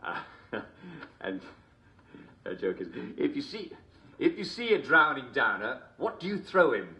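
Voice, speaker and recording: A jovial TV host, as a man puts him on, chuckling between every line in a smarmy, mock-cheerful way. His pitch swoops high and low as he hams it up, slow and unhurried. The tone is bright and sharp-edged. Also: very animated, heavily acted. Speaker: show host. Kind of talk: comedic character monologue.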